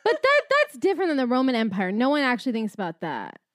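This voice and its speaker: A woman co-hosting a podcast, reacting with quick interjections. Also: on the high side, wildly swooping pitch, no room sound, studio quality. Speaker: podcast co-host. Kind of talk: casual chat.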